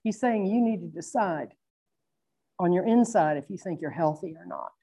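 A middle-aged woman preaching a sermon, earnest and reflective, slowing down to stress her points. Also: lowish voice, animated, warm tone, slightly rough. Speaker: Bible teacher.

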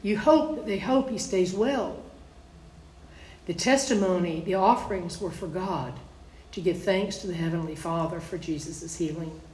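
Woman reading bible verses then explaining them, kinda low voice, roomy echo. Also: a little slow, darkish tone, a little hiss or hum. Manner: reads scripture aloud, then explains it in plain conversational asides. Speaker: Bible teacher. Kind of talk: Bible study teaching. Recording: echoey room.

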